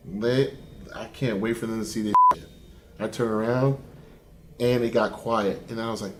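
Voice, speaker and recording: Animated man telling a story, roomy echo. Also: medium pitch, moderate pace, background noise. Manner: lively and profane, acts out his own past lines. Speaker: interview guest, competitive bodybuilder.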